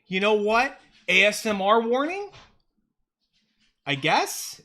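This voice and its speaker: A man chatting casually on a home livestream into a close, sensitive mic, rambling, excitable and swearing freely. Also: high-pitched, slow, pauses often. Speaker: fidget toy livestreamer.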